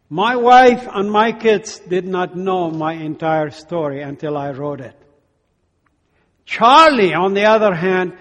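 A man giving a testimony as a sermon, telling his story and acting out the dialogue with lively energy. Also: on the high side. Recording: long hall reverb.

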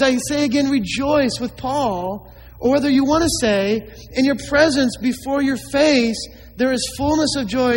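A man's voice: very high-pitched, in a large hall, rough recording. A man preaching a sermon as a pastor, emphatic, with many rhetorical questions to the congregation.

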